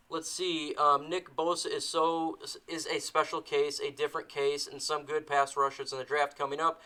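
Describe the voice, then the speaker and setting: Man, sports live-stream host, bright tone, slightly high voice, tired, emotional, repetitive casual chat. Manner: emotional, repeats himself, ends lines with "man". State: tired after a long day.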